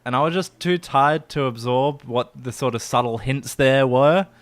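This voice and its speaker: A man's voice: mid-range voice, normal speed. A man hosting a casual comedy podcast, telling rambling stories with frequent giggles. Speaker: podcast host.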